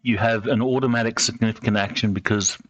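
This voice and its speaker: A man acting as game master over voice chat, pausing often with ums and uhs as he calls for rolls. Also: lowish voice, fairly even intonation, dry recording. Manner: halting, with many ums and uhs. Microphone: online call mic. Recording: dull lo-fi mic with faint noise.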